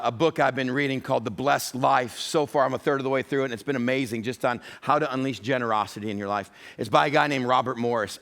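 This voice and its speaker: A man's voice: medium pitch, a bit bright. A middle-aged male pastor preaching a sermon with emphasis, often voicing God's words as quotes.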